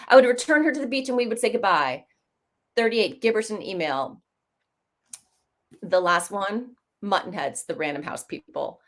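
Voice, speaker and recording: Animated woman reading on a video call. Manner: animated, amused, with big pitch jumps. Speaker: author on a panel. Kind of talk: panel talk, reading a piece aloud.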